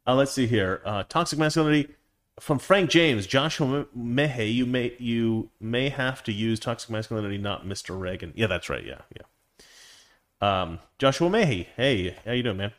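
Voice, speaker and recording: A man's voice: mid-range voice, expressive, normal speed. A man hosting a casual livestream, reading viewer comments and chatting in a rambling, self-correcting way with frequent laughs. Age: adult, past his teens.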